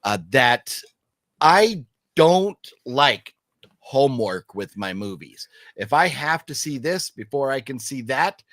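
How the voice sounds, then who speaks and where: A man's voice: mid-range voice, big pitch swings, takes it slowly, a bit bright, no echo, clean studio sound. A man hosting a casual movie chat, opinionated and emphatic, rambling with restarts. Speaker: podcast host.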